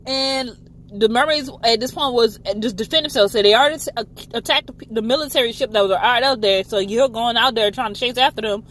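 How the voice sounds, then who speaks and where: Woman reviewer, animated casual recap, slightly high pitch. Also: brisk. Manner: chatty, animated, swears freely. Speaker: TV show reviewer.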